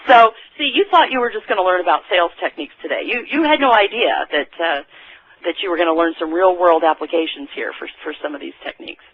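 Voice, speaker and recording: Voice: mid-range voice, fast talker, slightly rough. A sales trainer giving a recorded training talk in a conversational way, often restarting sentences. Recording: dull, dry lo-fi recording.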